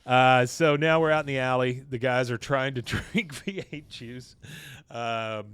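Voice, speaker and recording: A man's voice: mid-range voice, unhurried, a bit bright, clean tone. A man co-hosting a podcast, casually recapping a TV episode and laughing often as he reads the scenes. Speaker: podcast co-host.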